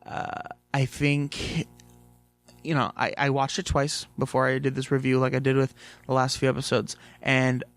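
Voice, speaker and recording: A man's voice: medium pitch, monotone, moderate pace, soft background music. A young man casually reviewing a TV episode, rambling with lots of fillers and swearing freely.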